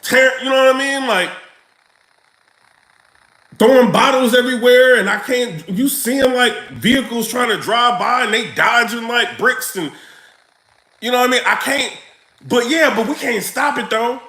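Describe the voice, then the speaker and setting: Guy ranting on his channel, jokey and slangy, bright high voice, echoey room. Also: moderate pace, pauses often. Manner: animated, joking, slangy. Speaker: vlogger. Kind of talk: casual rant to camera.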